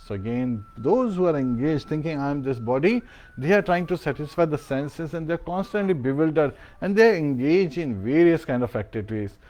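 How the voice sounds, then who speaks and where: A man's voice: a little high, animated, brisk, hardly any pauses, darkish tone. A man giving a devotional sermon as a spiritual teacher, chanting verses and mantras and telling a parable.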